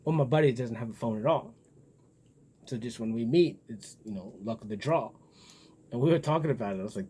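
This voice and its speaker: Husky-voiced man in a blunt ramble. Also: mid-range voice, brisk, mellow. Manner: profane, blunt and musing. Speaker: vlogger. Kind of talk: casual rambling monologue.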